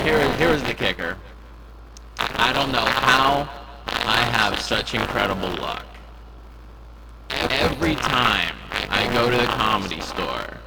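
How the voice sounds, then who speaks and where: A man's voice: medium pitch, very noisy. A hungover male comedian rambling sarcastically about his night and laughing at himself. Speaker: comedian vlogger. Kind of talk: casual rambling vlog monologue.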